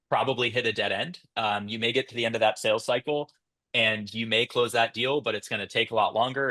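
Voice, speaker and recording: Man, low pitch, bright forceful tone, conference panel talk, many restarts. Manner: thoughtful, many restarts and hedges. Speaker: panelist, sales tech founder.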